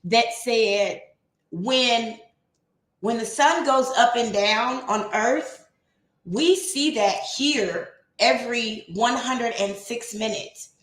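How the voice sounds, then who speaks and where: A woman hosting a casual livestream, chatting and laughing between slow, careful readings of an old essay. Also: on the high side, a bit bright. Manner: chatty, laughs often, reads poetry slowly. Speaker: livestream host reading aloud. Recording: roomy echo.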